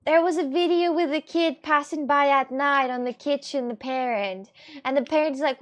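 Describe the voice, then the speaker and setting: A woman's voice: high voice, a little fast. A young woman streamer chatting casually to her viewers, rambling and giggling often. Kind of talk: casual chat.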